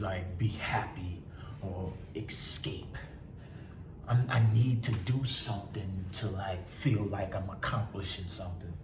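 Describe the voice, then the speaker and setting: Man, casual motivational talk, blunt and profane, acts out quotes, distant mic, faint background hiss. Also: mid-range voice. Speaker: motivational vlogger. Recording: roomy sound from away from the mic.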